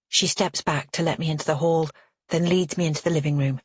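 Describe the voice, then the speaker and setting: A woman reading a first-person thriller audiobook in a measured, steady way. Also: low voice, breathy edge, dry recording, clean studio sound. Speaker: audiobook narrator.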